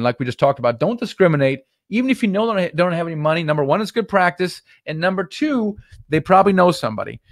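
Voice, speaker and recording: A man teaching real estate investing on a live stream, coaching in an energetic, direct way and acting out sample conversations. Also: on the high side, dry recording, clean studio sound. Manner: acts out sample conversations in shifted voices.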